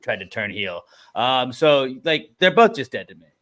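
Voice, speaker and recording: A man's voice: mid-range voice, big pitch swings, normal speed, a bit bright. A man co-hosting a casual sports talk show with a blunt, sardonic manner. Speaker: co-host.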